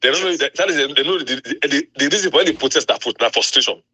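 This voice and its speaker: Husky, stammering Sierra Leonean man. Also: mid-range voice, fast, bright, forceful tone, poor audio. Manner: stammering, repeats words. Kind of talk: heated political chat. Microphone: phone voice message.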